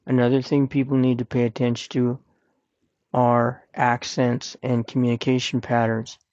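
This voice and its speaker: A man's voice: medium pitch, monotone, normal speed, darkish tone, no echo, highs cut off. A man hosting a podcast, giving earnest, plain-spoken advice and repeating his points for emphasis. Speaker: podcast host. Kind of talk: personal advice talk.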